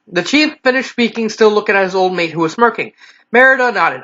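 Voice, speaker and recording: A casual story reader with a bright, forceful tone who often trips over words and goes back to fix them. The recording is dull and lo-fi. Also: mid-range voice, animated, fairly quick. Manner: casual, stumbling, self-correcting. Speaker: fan fiction reader. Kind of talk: story reading.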